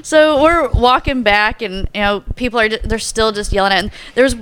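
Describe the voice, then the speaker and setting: A woman tells a story in a casual podcast chat. She is excitable and laughs often. She slips into little voices when she quotes people. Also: a little high, normal speed, a little hiss or hum.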